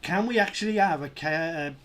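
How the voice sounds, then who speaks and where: Male streamer, high and bright, excitable live commentary. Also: fairly quick. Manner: excitable, counting numbers aloud, shouting at milestones. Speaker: streamer hosting a live crowdfunding watch.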